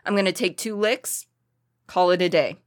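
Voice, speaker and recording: A woman's voice: on the low side, normal speed, no echo. Chatty woman with a dry, close sound. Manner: chatty, blunt, swears casually. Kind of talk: casual chat.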